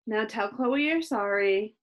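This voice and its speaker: A woman reading a children's book aloud, voicing a patient teacher who speaks calmly and firmly. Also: medium pitch, takes it slowly, close to an everyday voice. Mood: instructing. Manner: calm, firm and instructive. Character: patient kind female teacher.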